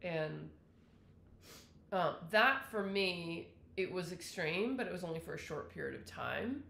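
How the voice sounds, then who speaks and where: A woman talks candidly to the camera about her own story, circling back often and correcting herself as she goes. Her voice has a gravelly edge, and the room around her rings with a noticeable echo. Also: on the low side, expressive, measured pace, pushed and bright. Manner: rambling, frequent self-corrections and fillers. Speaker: wellness vlogger sharing her illness story. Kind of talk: candid personal monologue. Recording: roomy echo.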